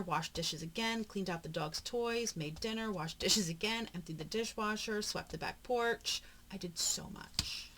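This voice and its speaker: A woman vlogging as she flips through her craft journal, chatting in a rambling, talkative way with frequent soft murmured asides. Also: fairly low pitch, slight background noise. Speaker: papercraft vlogger. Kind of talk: casual chatty narration during a journal flip-through.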